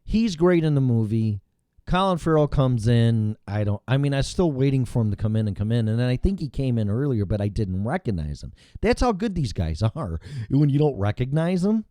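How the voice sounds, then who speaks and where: A man's voice: mid-range voice, sing-song, a little fast, dark tone, no room sound, clean studio sound. Blunt, rambling male talk host. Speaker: morning show host. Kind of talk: casual chat.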